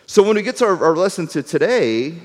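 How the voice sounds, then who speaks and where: A man's voice: high voice, fairly quick. Middle-aged man teaching in a reverberant hall. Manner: animated storyteller, often repeats words. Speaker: Bible teacher. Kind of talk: conversational sermon with a map.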